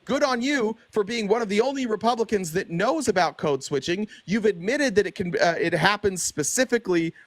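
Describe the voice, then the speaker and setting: A man debating live on a stream, confrontational and relentless, firing the same question again and again. His voice sits high for a man and sounds dry and close. He keeps the pressure on throughout. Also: expressive, brisk, few pauses, no room sound.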